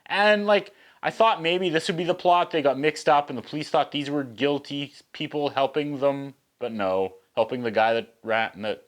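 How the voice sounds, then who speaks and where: A man's voice: a little high, normal speed, few pauses. A man hosting a casual video review, recapping a movie's plot with sarcastic, wry asides. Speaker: host.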